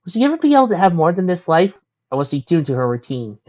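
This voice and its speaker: A woman reading a fan story aloud, narrating quietly and quickly between the characters' lines. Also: lowish voice, big pitch swings. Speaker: fan fiction reader. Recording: dull lo-fi recording.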